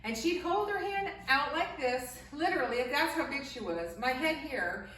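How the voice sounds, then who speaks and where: Woman, high bright voice, animated storyteller, echoey room from a distance. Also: moderate pace. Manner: laughs often while telling, animated. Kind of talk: casual storytelling.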